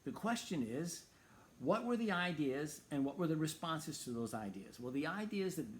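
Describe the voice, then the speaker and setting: A man's voice: fairly high pitch, very animated, moderate pace. A man hosting a Christian talk show, speaking earnestly and emphatically as he reasons aloud.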